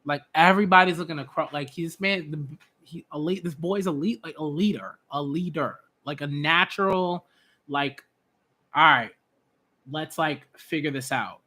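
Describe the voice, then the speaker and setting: A man with a fairly high, bright voice gives a live manga reaction. He gushes excitedly and packs his talk with fillers. His voice has a tense, sharp edge. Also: moderate pace. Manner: excitable, filler-heavy, gushing.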